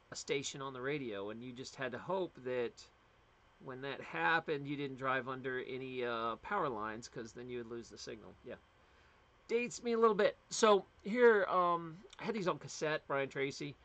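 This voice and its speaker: A middle-aged man with a fairly high voice talks casually to his livestream viewers. He rambles from one thought to the next with frequent ums and false starts. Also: a bit bright. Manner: rambling, chatty, with many fillers and restarts. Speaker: livestream host.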